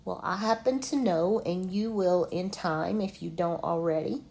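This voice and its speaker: A woman teacher gives an online lesson, talking slowly and deliberately. She breaks long words into syllables with patient care. Her voice sits fairly low. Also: vocal fry, a little mellow. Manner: slow, deliberate, sounds out syllables. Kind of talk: online lesson on medical word pronunciation.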